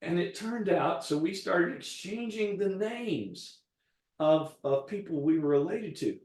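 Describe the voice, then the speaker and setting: A man's voice: sits high, lively intonation, unhurried, darkish tone. A man, a guest chef, telling a rambling personal story in casual chat while cooking. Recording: roomy echo.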